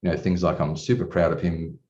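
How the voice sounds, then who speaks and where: A man's voice: deep voice, level tone, a little fast, darkish tone. A man, candidly telling his personal story in an earnest, emotional way, with casual swearing and many restarts. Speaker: client giving a testimonial. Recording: distant mic, dull lo-fi sound.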